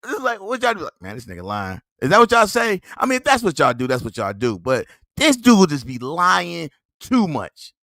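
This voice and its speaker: High, lively, mocking podcast host man. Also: normal speed, creaky, hardly any pauses, no echo. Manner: mocking, scolding, laughs at the other man. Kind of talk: heated commentary on a played clip.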